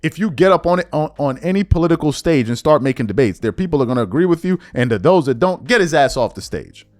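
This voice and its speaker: A man with a high, very lively voice delivers emphatic, slangy opinion commentary, sometimes mocking others. His voice is recorded close and dry, with faint music underneath. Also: quick pace, no echo. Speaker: commentary host.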